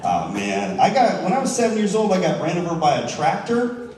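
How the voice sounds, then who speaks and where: A man's voice: high voice, sing-song, fairly quick, a little mellow. A man in his thirties from Southern Oregon, doing a stand-up comedy set in a loose, chatty way with frequent restarts. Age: 30s. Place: large theater stage. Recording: echoey, distant theater recording with room noise.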